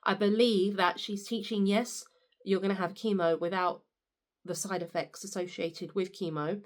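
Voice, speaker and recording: A woman's voice: medium pitch, fairly even intonation, normal speed. A young woman giving a candid, upbeat personal testimonial and often turning to the listener with asides. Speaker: patient sharing her experience. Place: indoors at home.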